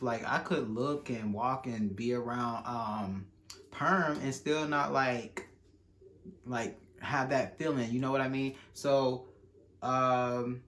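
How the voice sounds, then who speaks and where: Young man, animated storyteller, acts out quotes, slangy, middle pitch, faint noise. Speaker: vlogger telling a story. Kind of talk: casual storytime.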